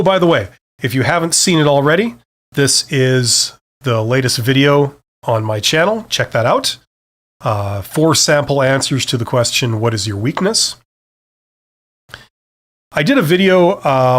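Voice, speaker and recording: A middle-aged man from Canada hosting a live-stream Q&A, talking casually with many fillers and self-deprecating asides. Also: mid-range voice. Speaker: host.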